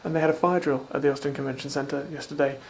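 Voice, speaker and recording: A young man talks straight to his viewers in a loose, meandering way. His voice sits a touch high, and he pokes fun at himself as he drifts from one thing to the next. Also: level tone, very fast, slight background noise. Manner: rambling, offhand and self-mocking. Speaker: video blogger. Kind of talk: casual chat.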